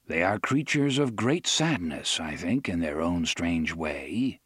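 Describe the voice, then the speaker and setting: A man voicing a stern, laconic older gunslinger, low, slow and grave in an audiobook reading. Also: big pitch swings, a bit bright, slightly rough, no echo, studio quality, full character voice. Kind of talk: audiobook character voice.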